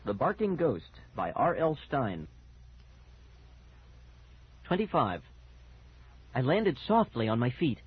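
A man's voice: mid-range voice, huge pitch swings, slow, pauses often, husky. A man narrating a first-person scary children's story on audiobook, dramatic and building suspense, on a muffled cassette recording.

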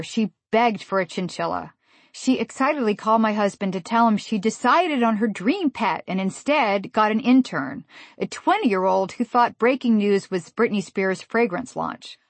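A woman in her forties from the USA, reading her own humorous memoir in a wry, deadpan way. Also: mid-range voice, dry recording. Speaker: author narrating a memoir. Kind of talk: humorous audiobook narration.

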